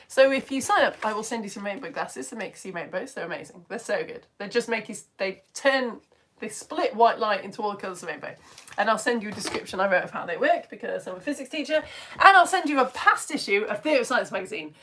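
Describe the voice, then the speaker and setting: A British woman, a physics teacher, chatting brightly on a live-stream lesson and hopping between asides. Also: mid-range voice, animated, husky. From United Kingdom. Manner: bubbly, chatty, jumps between topics, quick asides. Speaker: physics teacher and livestream host.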